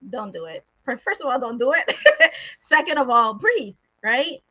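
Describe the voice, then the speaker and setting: A woman guest in casual chat who laughs often and explains ideas in quick lists. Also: a little high, sing-song, bright, forceful tone. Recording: dull lo-fi sound.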